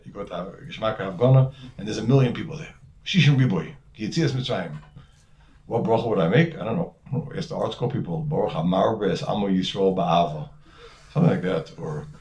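Leading a class as a rabbi, a man gives a Torah lecture in a conversational style, full of Hebrew, terms, and repeated words. He has a fairly low-pitched voice and a darkish tone.

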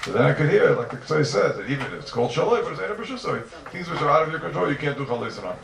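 A man teaching a yeshiva-style Talmud class to students, animated and firing rhetorical questions at them. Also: a little high, racing, creaky. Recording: roomy, distant mic, noisy ambience.

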